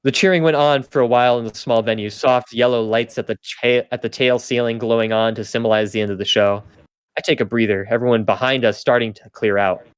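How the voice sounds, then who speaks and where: A man's voice: mid-range voice, steady tone, a little fast, smooth, no room sound, studio quality. A young man hosting a podcast, reading fanfiction aloud for comedy, stumbling and correcting himself with laughing asides. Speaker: podcast host and reader.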